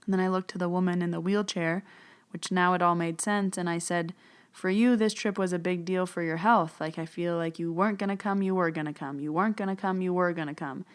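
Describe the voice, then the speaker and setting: Lady talking, kinda low voice, chatty storyteller replaying what she said. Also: fairly even intonation, fairly quick, clear, resonant tone. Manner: chatty, retells dialogue, repeats phrases. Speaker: podcast host, medium. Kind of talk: personal storytelling.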